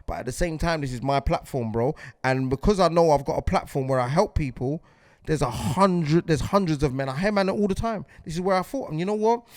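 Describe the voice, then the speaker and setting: A man's voice: on the high side, fairly quick, darkish tone, no echo. A man, delivering a heated podcast monologue as host, repeating himself and asking if you get what he's saying.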